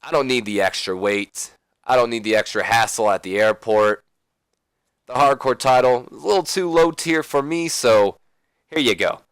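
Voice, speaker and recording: A man's voice: medium pitch, moderate pace, a bit bright, clean tone, dry recording, lightly acted. A man voicing a cocky male wrestling champion who gloats and talks down to a rival, in a smug, dismissive way.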